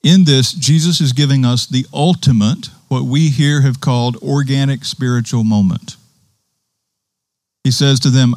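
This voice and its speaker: A man's voice: mid-range voice, unhurried, darkish tone, no room sound. Man preaching a conversational sermon, dry sound. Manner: conversational preaching, quotes scripture with emphasis.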